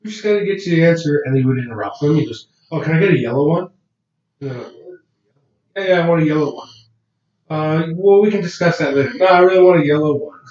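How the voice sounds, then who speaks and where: A man's voice: a little high, fast. A man co-hosting a casual podcast, telling prank-call stories, acting out the voices and swearing freely. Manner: animated storyteller, acts out prank calls, swears freely. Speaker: podcast co-host. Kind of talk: casual storytelling chat. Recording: roomy, distant, dull lo-fi sound.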